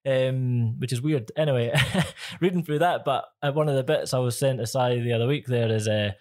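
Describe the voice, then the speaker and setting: Lively Scottish man, mid-pitched voice. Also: moderate pace. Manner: animated, laughs easily, leads the talk. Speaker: podcast host. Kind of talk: casual chat.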